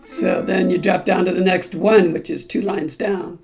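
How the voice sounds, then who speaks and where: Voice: medium pitch, fairly even intonation, moderate pace, vocal fry, over music. A ukulele group teacher explaining song timing step by step and breaking into snippets of the lyrics. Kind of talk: song-by-song music lesson.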